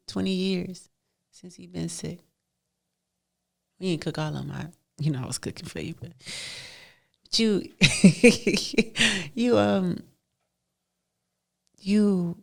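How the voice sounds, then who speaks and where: A woman's voice: lowish voice, gravelly. A woman, hosting a heartfelt solo podcast, emphatic and repetitive, laughing often. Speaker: podcast host.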